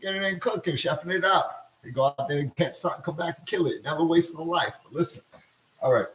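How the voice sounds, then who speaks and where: A man's voice: on the high side, quick pace, fairly bright tone, reverberant, slight background noise, rough recording. A middle-aged man rambling in casual livestream talk while he cooks, slangy and laughing often. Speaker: livestream host.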